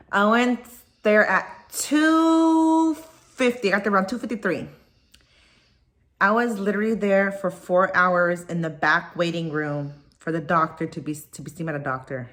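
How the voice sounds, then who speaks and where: A woman's voice: on the low side, moderate pace, pushed and bright. A woman vlogging from home, venting in an upset, rambling way and swearing freely. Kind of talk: casual personal vlog, venting. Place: at home, dog nearby.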